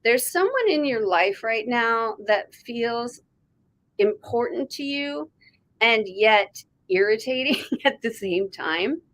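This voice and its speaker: A woman's voice: fairly high pitch, animated, slow pace, fairly bright tone, no echo, poor audio. A woman doing an intuitive reading on a live stream, talking in a rambling, conversational way straight to the viewer. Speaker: intuitive reader. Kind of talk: live online reading session.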